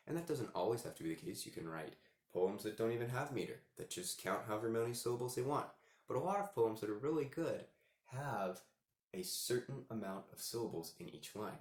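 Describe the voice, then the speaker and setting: A deep-voiced man teaches poetry in a relaxed video lesson. He counts syllables aloud and reads verse slowly. His voice rings in a roomy echo.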